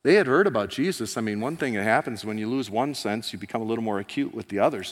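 A man preaching a sermon as pastor, telling the story in an animated way and acting out the characters. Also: fast talker, few pauses. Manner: animated storytelling, voicing characters with rising pitch and volume. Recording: long hall reverb.

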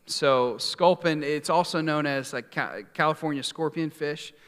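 A man's voice: on the high side, unhurried, a bit bright, clean tone, big-room sound. A male pastor telling a long personal story in a casual, rambling sermon, full of fillers and restarts.

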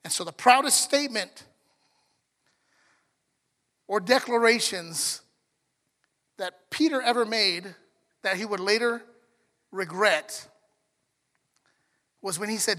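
A man's voice: sits high, takes it slowly, pauses often, sharp tone, long reverb tail. A man preaching a sermon as a pastor, joking and talking conversationally with the congregation. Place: church sanctuary.

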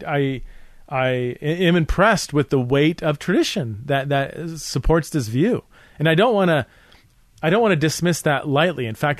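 Here a man with a fairly high voice hosts a podcast, teaching theology through a casual, earnest monologue riddled with fillers and restarts. There is no echo on the recording.

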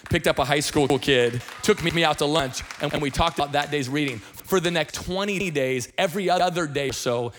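A middle-aged man from Washington state, a senior pastor telling his testimony in a sermon, talking fast and conversationally with many restarts and repeated words. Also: a little high, a bit bright. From Washington state, USA.

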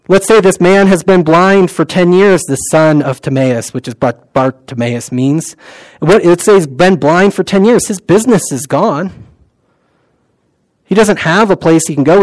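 A man preaching a sermon in a conversational way, with many fillers, and reciting prayers softly. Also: sits high, no room sound, rough recording.

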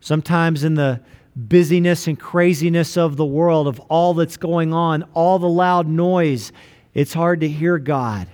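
A pastor delivering a sermon in a fairly high male voice. He preaches with emphasis, drawing out his most important lines. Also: unhurried, a little mellow.

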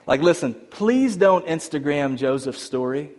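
A male pastor preaching a sermon in a conversational, animated way, with many casual fillers. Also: fairly high pitch, unhurried.

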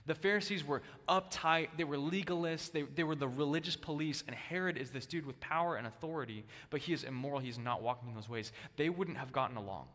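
Bright-voiced preacher in a reverberant hall. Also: male voice, quick pace, hardly any pauses. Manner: emphatic preaching, swings between loud stress and hushed low lines. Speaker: pastor. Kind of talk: sermon.

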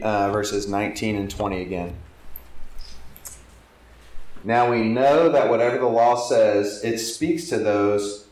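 A man preaching and teaching, earnest, asking his listeners questions as he explains a passage. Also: fairly low pitch. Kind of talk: sermon. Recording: echoey hall.

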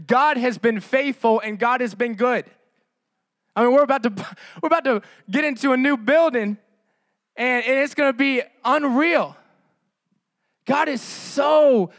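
A man's voice: extremely high pitch, dry recording, studio quality. A man preaching as a pastor, with impassioned, repetitive rhetorical phrasing and frequent fillers. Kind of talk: sermon.

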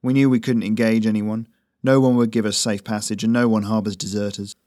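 A gravelly, burly enemy sergeant, as a male storyteller puts him on, blunt and flat as he speaks. The voice sits low, and the audiobook recording is dry and close. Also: fairly quick, dry recording, close to an everyday voice. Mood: resigned.

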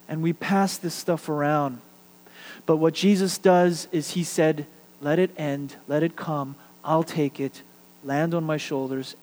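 A man with a high, bright voice preaches a sermon in a big church hall, and his words ring out with a long reverb. He tells stories with animated build-ups, then drops to a hushed, quiet voice to make his point. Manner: animated storytelling, dropping to quiet for emphasis. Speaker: pastor.

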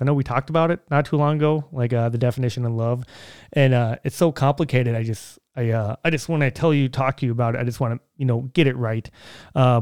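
A man's voice: medium pitch, a little mellow, smooth, no echo, clean studio sound. A young man talking casually on his own podcast, rambling with lots of fillers and restarts. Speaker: podcast host. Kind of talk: casual solo podcast monologue.

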